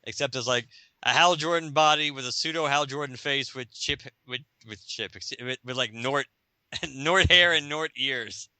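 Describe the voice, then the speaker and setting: In a casual comic book chat recorded cleanly with no echo, a podcast co-host talks over Skype in a mid-range, sharp voice at a moderate pace. He laughs often while performing quoted lines in various voices.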